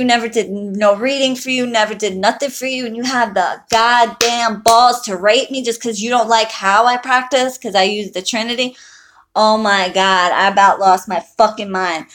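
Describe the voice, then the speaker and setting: A woman's voice: on the high side, fairly bright tone, slight background noise. A woman who practises witchcraft, talking casually and heatedly to her viewers on a livestream, full of swearing and blunt talk. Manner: chats with viewers. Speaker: online witch and spell practitioner.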